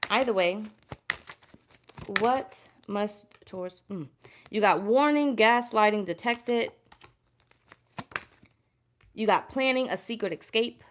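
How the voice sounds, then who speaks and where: During a relaxed livestreamed tarot session, this woman talks slowly and pauses often in a mid-pitched voice, with a faint hiss or hum audible. Her delivery wanders and is full of swearing; she repeats points and interrupts herself to say hi to people in the chat.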